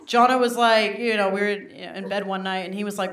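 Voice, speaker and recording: A woman's voice: medium pitch, steady tone, brisk. A young woman from England, doing a chatty, self-mocking stand-up set and laughing along with the audience. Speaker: stand-up comedian. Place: comedy club stage. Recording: roomy live club recording with audience noise.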